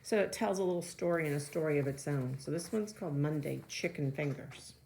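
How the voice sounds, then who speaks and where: A woman with a low, gravelly voice reads a children's novel aloud to her class. She stops between passages to chat and explain things. Her pacing is easy and classroom-friendly. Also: brisk, mellow, slight background noise. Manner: chatty asides between passages. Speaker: teacher reading aloud to students.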